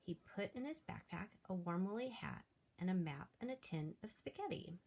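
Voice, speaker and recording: School librarian, low-pitched woman, animated storytime reading. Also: normal speed, gravelly, breathy edge, rough recording. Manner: animated read-aloud with soft asides. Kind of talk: reading a picture book aloud.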